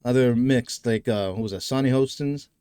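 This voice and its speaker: A man's voice: mid-range voice, normal speed, mellow, clear, resonant tone, no echo. Rambling man, dry close sound. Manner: rambling, searches for words with many fillers. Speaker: commentator reacting to a clip. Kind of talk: casual reaction commentary.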